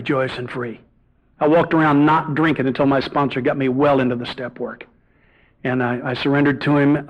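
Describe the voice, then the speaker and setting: A middle-aged man giving a personal testimony at a recovery meeting, earnest and confessional, bantering with the audience in the room. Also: medium pitch. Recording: dull lo-fi tape recording.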